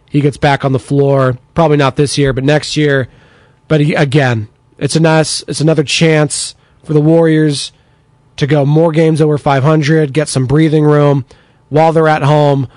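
A man's voice: fairly high pitch, dry recording. A man hosting a sports talk radio show, chatting energetically and reading out listener texts. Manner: energetic, chatty, takes text-line messages.

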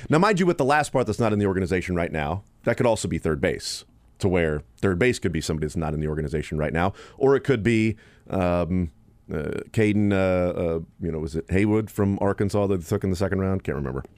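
A man with a low voice talks through baseball on sports radio, thinking aloud and circling back with plenty of ums and uhs. The sound is close and dry, with no room around it. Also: expressive, fast, a little mellow, no room sound. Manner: rambling, thinking aloud with fillers.

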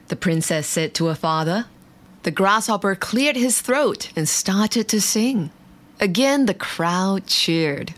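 A woman reading a bedtime story aloud as narrator, in a gentle manner. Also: mid-range voice, animated, slow.

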